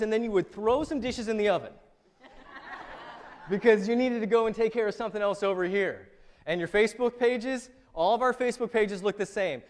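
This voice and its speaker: Man, pastor, sermon, high voice, joking and conversational, long church echo. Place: church sanctuary.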